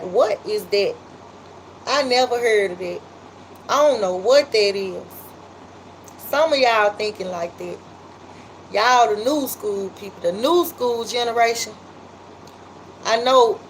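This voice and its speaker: A woman with a Memphis accent chats on a livestream, reading out comments and shouting out her viewers. Her voice sits a little high and she talks in a loose, drawn-out way. There is a faint hiss under the recording. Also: low-quality recording. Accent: Memphis, Southern US. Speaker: livestream host.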